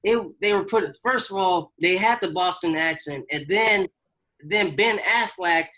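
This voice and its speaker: A man's voice: high voice, moderate pace, sharp tone, low-quality recording. A man co-hosting a casual film podcast, hesitant and trailing off with many "um"s. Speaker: podcast co-host.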